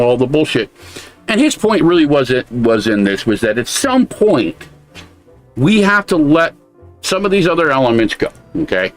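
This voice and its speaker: An American man co-hosting a podcast, giving blunt, casual commentary with a lot of swearing. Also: mid-range voice. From United States. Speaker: podcast co-host.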